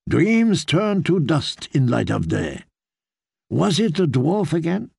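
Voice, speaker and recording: A man reading as a soft-spoken noblewoman who soothes and coaxes, her voice slightly gravelly and set close and dry. She speaks slowly and gently. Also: fairly high pitch, big pitch swings, no echo, voice pushed up, exaggerated voice. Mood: coaxing. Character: soothing foreign noblewoman, seductive confidante. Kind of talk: audiobook character voice.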